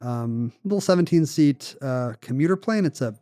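A man co-hosting a podcast, telling a story in casual chat with animated, quick bursts. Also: medium pitch, no echo, clean studio sound. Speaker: podcast co-host.

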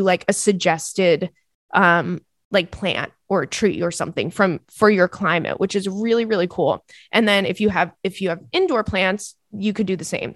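A woman's voice: mid-range voice, dry recording. Chatty young woman with a dry close sound. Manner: chatty and emotional, many fillers. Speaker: podcast host. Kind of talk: casual chat, reading listener letters.

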